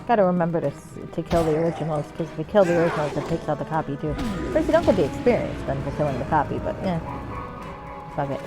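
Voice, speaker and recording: A woman's voice: deep voice, lively intonation, fast talker. A woman streamer giving casual gameplay commentary, chatty, swearing freely and talking to the game's characters. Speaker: game streamer. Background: game music.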